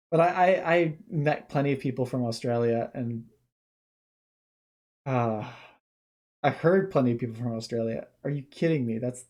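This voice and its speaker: A man's voice: mid-range voice, measured pace, long pauses, darkish tone. A young man giving casual reaction commentary, rambling off on tangents and restarting his sentences.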